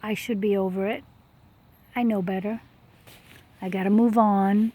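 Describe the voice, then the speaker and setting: Soft-spoken reflective woman vlogging outdoors. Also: medium pitch, steady tone, unhurried. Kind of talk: rambling outdoor vlog. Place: outdoors on a walk by a lake. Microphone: phone held while walking.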